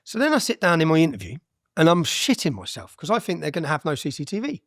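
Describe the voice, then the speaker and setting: A man's voice: fairly high pitch, huge pitch swings, quick pace, fairly bright tone, no room sound, studio quality. A man, a guest on an interview podcast, telling his story bluntly and with energy, with frequent "yeah?" tags and some swearing.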